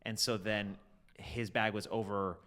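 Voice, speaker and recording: Co-host, man, deep-ish voice, loose anecdotal storyteller in casual chat. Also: steady tone, measured pace, a bit bright. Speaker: podcast co-host.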